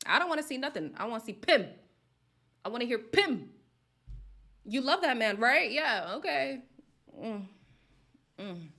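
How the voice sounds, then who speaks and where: Animated, sassy woman chatting. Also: medium pitch. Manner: animated, sassy, talks straight to viewers. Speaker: reality TV commentator. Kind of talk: casual chat.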